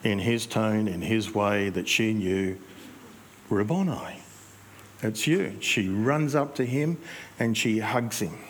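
A male pastor, preaching in a conversational storytelling way with reflective pauses. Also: lowish voice, slight background noise. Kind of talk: sermon.

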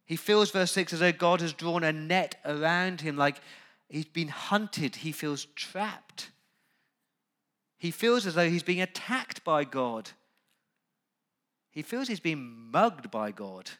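Male preacher, a little high and forceful, emphatic, swings from soft asides to loud peaks. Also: animated, slow pace. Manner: conversational, asks the congregation direct questions. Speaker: pastor. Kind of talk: sermon.

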